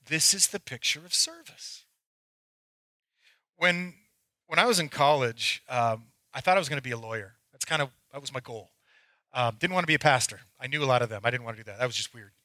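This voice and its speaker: A man's voice: medium pitch, lively intonation, brisk, bright, forceful tone, dry recording. A middle-aged man, a pastor, preaching a sermon and telling candid, self-mocking stories about himself.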